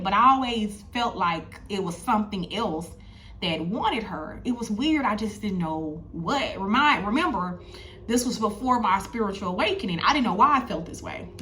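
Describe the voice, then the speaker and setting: A woman's voice: medium pitch, sharp tone, slight background noise. A woman, telling a personal story in a chatty vlog, talking straight to her viewers and circling back over her points. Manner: chatty, addresses viewers directly, repeats herself. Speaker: spiritual content creator.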